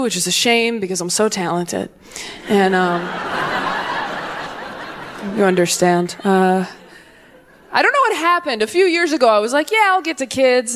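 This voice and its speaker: A young adult woman performing a stand-up comedy set, animated, slipping into quick voices for the people in her stories. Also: mid-range voice. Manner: animated, slips into quick voices for friends, babies and her dad. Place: live comedy venue with audience.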